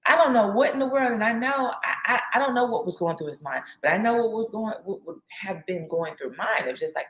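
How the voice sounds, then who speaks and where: A woman's voice: mid-range voice, animated, fairly quick, hardly any pauses, a bit bright, reverberant. A woman giving a conversational sermon, repeating phrases for emphasis and checking in with "right?" as she goes. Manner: casual, uses fillers like "right?" and "you know". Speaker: speaker teaching a faith lesson.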